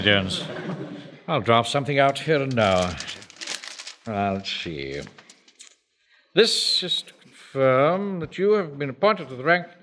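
An actor playing a pompous, blustering middle-aged bank manager who commands a home defence platoon. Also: male voice, medium pitch, bright, forceful tone. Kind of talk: broadcast sitcom acting.

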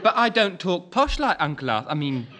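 A naive young clerk. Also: male voice, a little high, very animated, brisk, very noisy. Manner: naive, wide-eyed. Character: naive young male bank clerk, dim and earnest. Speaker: junior bank clerk. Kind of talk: broadcast sitcom acting.

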